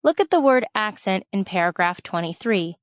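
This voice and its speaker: A woman reading a story aloud for a school lesson, giving clear instructions between passages. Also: medium pitch, lively intonation, normal speed, dry recording.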